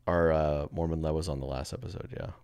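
Deep-voiced man co-hosting a chat podcast. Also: steady tone, fast talker, darkish tone. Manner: jokey, laughs often. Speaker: podcast co-host. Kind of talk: casual chat.

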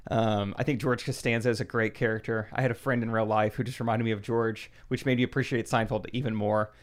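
A man's voice: on the low side, flat delivery, quick pace. A young man co-hosting a casual podcast, easygoing and rambling as he explains. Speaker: podcast co-host. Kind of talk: casual chat.

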